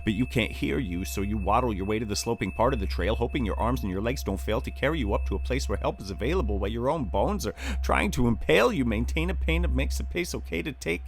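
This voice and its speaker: A man reading his own horror poetry in second person, steady at first and building to urgent intensity. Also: on the low side, creaky, a little hiss or hum.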